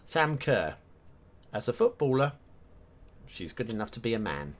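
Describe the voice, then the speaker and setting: Very animated and medium-pitched, this man talks at a moderate pace during a casual live game stream where he's map making. He rambles across topics and keeps humming and muttering to himself as he works.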